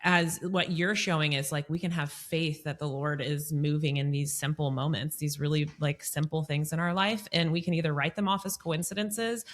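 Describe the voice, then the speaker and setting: Podcast co-host, woman with a deep voice, gentle and affirming in casual conversation. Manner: warmly affirming, reflective.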